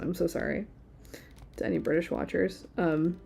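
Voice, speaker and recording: A woman's voice: fairly low pitch, fairly even intonation, moderate pace, gravelly, pauses often, mellow, breathy edge, faint music behind. A woman in her thirties, chatting casually while she draws during a live stream. She rambles and uses a lot of filler words. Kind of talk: casual chat while drawing.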